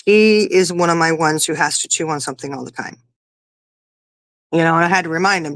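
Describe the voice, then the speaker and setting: A woman's voice: low-pitched, brisk, pauses often, no echo. A woman in her fifties chatting casually, telling rambling stories about her kids. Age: 50s. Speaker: podcast guest or co-host. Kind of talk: casual chat.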